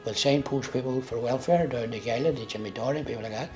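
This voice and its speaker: A man talks in an interview about his community centre. His voice sits at a middle pitch and he stresses key phrases with force. Soft music plays faintly underneath. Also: fast. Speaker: community worker. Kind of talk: interview talk.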